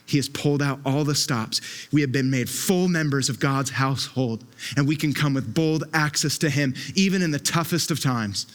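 A man's voice: fairly high pitch, fairly bright tone. A man preaching a sermon with an impassioned, emphatic delivery, often repeating his words as he presses a point.

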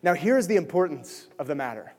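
A man preaching with fervor, his voice pitched high and often near a yell before it drops low and earnest. He is a pastor in a church, heard with a long echo off the walls. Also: very animated, fairly quick. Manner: passionate, near-yelling preaching with wide swings in loudness. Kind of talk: sermon. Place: church sanctuary.

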